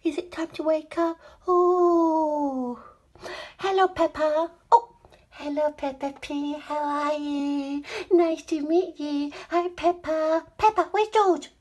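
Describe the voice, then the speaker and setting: A woman's voice: high-pitched, steady tone, takes it slowly, a little mellow. A woman voicing a cheerful, curious little male toy friend in a children's alphabet sing-along, talking in a sing-song way and gasping with delight.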